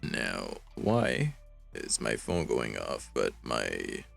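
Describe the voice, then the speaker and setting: A man's voice: very deep voice, huge pitch swings, extremely slow, vocal fry, fairly bright tone, faint music behind. A man streaming, reading fanfiction aloud and rambling about it with wry, self-mocking asides.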